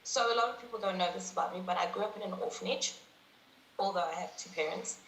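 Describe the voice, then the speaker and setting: Animated woman, bright voice. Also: medium pitch, fast, a little hiss or hum. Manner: animated, acts out dialogue, laughs often. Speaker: guest. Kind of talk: personal storytelling interview. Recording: echoey room.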